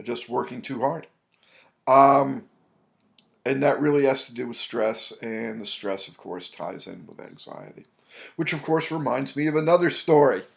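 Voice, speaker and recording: Gravelly man giving rambling advice. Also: mid-range voice. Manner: loose, rambling with many fillers and restarts. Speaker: anxiety coach. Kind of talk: casual advice monologue. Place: New York City.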